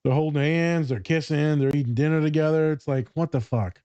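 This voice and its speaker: A man with a mellow, relaxed tone chats as a therapist hosting a podcast. He jokes, swears and laughs easily. The voice is close and dry. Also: a little high, fairly quick, clear, resonant tone, no room sound, lo-fi sound. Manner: joking, profane, laughs easily. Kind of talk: casual chat.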